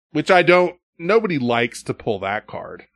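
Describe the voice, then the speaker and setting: A man's voice: a little high, a bit bright, dry recording, studio quality. A man hosting a podcast, telling stories in a casual, profane way and acting out other people's lines. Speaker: podcast host. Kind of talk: casual storytelling chat.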